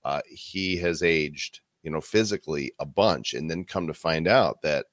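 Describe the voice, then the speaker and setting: Male podcast host, low voice, showy hype-man delivery, dry close sound. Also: unhurried, a bit bright, no echo. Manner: showy, hype-driven intros with big pitch swings. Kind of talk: energetic podcast chat.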